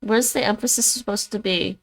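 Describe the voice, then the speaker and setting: A woman's voice: medium pitch, fairly even intonation, a little fast. A woman whose first language is Dutch, chatting casually on a livestream as she practices words aloud and thinks through them. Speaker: streamer learning languages.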